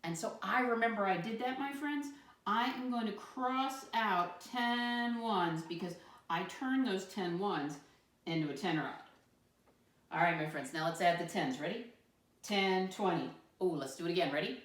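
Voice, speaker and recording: A woman's voice: mid-range voice, normal speed. A woman teaching a math lesson to young children in a sing-song teacher voice, counting aloud and calling them "my friends". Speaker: first grade teacher. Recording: roomy sound from a distant mic.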